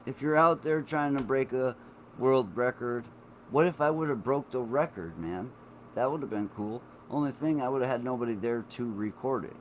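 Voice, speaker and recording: A man's voice: mid-range voice, a little hiss or hum. A man telling a funny personal story to the camera in a casual, profane, self-mocking way. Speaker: vlogger.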